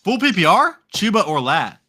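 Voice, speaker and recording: A high-pitched American man speaking at normal speed co-hosts a live fantasy football show. He's drinking and swearing casually, his rambling, animated, profane delivery fitting the easygoing podcast format.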